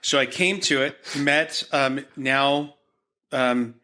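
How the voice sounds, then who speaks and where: Bright-voiced man telling a rambling story. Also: medium pitch, steady tone, slow pace. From Utah, United States. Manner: rambling, with frequent fillers and restarts. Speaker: podcast guest, art gallery owner. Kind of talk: conversational storytelling.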